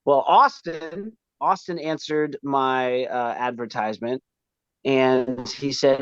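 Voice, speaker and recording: A man's voice: mid-range voice, takes it slowly, fairly bright tone, smooth, no room sound, lo-fi sound. A man, a band's vocalist, telling the story of how the band began in a rambling, casual interview. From Pennsylvania, raised in New England.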